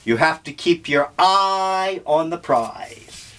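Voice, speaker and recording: An older man muses aloud over his breakfast, drifting from one thought to the next. He takes his time, drawling his words, and his voice sits somewhat high for a man. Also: animated, fairly bright tone. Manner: slow, musing, eccentric. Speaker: vlogger. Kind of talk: rambling breakfast monologue.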